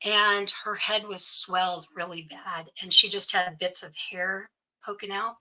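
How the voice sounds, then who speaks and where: A woman's voice: medium pitch, fairly even intonation, a little slow, pushed and bright, poor audio. A middle-aged woman, a guest in an interview, telling a personal story and acting out what each person said. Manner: recounts events by acting out quoted dialogue.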